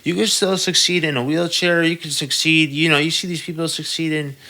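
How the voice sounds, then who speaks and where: Bright-voiced young man, casual and profane. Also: on the high side, steady tone, a little fast. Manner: loose, profane, stop-start storytelling. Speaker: podcast guest. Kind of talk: casual podcast chat.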